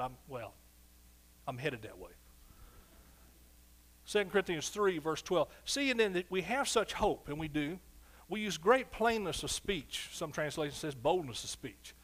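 A man's voice: a little high, fairly bright tone. A man preaching a sermon emphatically, often asking the congregation for response. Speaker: pastor.

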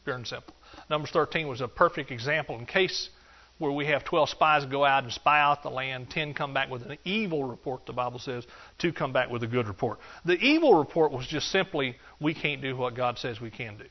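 A man preaching a sermon, animated and joking, acting out excuses in a higher voice. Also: a little fast. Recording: dull lo-fi sound.

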